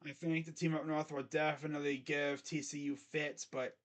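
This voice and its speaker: A man's voice: a little high, little pitch movement, moderate pace. A man hosting his own channel, giving casual sports predictions in a rambling, self-correcting way. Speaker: host. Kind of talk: casual sports picks commentary.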